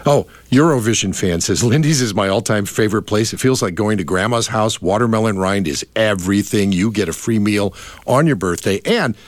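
A man's voice: fairly low pitch, expressive, a little fast, dry recording. A man chatting on a radio talk show, rambling with restarts and trailing asides. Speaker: radio guest. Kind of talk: casual chat.

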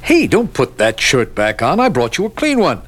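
An actor playing a chatty prison guard who talks in a casual, offhand way. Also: male voice, mid-range voice, wildly swooping pitch, normal speed, a bit bright. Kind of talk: radio drama acting.

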